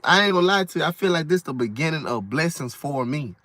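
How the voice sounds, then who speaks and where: Guy vlogging his testimony, high bright voice, preachy and repeating himself. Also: lively intonation, quick pace, dry recording. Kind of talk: casual testimony vlog.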